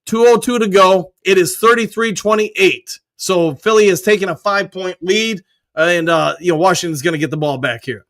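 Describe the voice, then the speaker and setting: A man with a high-pitched voice hosts a casual live stream. He reads viewer comments aloud in an upbeat way, with quick shout-outs and the odd whoop. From Michigan. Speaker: host reading live chat.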